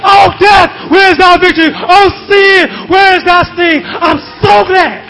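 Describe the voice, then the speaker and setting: A male preacher, shouting a gospel sermon with call-and-response and drawn-out exclamations. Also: very high-pitched, steady tone, a faint crowd, low-quality recording. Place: church. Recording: church recording with music and congregation.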